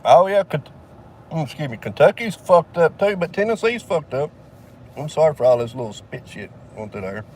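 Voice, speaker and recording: A man's voice: on the high side, animated, normal speed, darkish tone, a little hiss or hum. A man from Alabama with a Southern accent, telling a long story in a casual vlog, swearing heavily and rambling with fillers, recorded in a vehicle.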